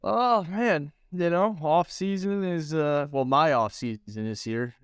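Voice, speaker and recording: A man's voice: on the high side, slow, smooth, no echo. A man who coaches baseball, chatting casually on a podcast with lots of hesitant fillers. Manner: hesitant, filler-heavy talk. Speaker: podcast host, hitting coach. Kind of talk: casual chat.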